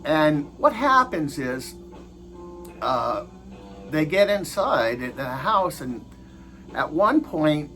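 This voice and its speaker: A man casually reviews a film, hesitant and leaning on filler sounds as he goes. His slow delivery rises and falls expressively over faint background music. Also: a little high, very animated, pushed and bright, poor audio. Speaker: movie reviewer.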